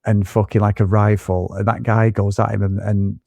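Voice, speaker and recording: Casting note: podcast host, gravelly, dark low voice, dry close sound. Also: male voice, moderate pace, no room sound. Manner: animated, swears a lot, acts out film lines. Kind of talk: casual film review chat.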